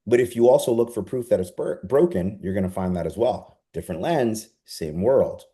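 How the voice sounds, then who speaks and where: Mellow-voiced man coaching on a video call. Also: fairly low pitch, normal speed. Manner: energetic, persuasive, rhetorical questions. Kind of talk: live online coaching session.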